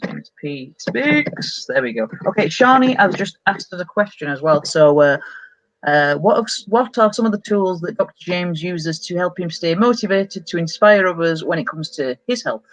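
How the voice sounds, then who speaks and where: A woman's voice: lowish voice, lively intonation, moderate pace, dull audio. A woman hosting a casual livestream interview over a video call, chatty and encouraging. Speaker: host.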